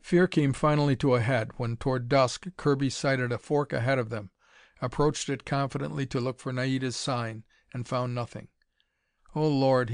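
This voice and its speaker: A man narrating an adventure novel as an audiobook in a steady, measured storytelling manner. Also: medium pitch, no echo, studio quality.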